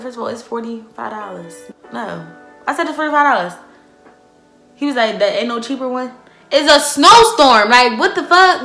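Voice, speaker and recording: Young woman, bright voice, fairly high, echoey room, faint music. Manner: animated, profane, loud outbursts and quoted dialogue. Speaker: vlogger. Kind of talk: storytime vlog.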